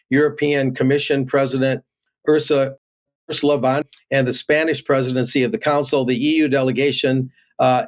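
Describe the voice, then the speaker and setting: A man giving remote news commentary, reading headlines aloud with many fillers and restarts. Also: mid-range voice.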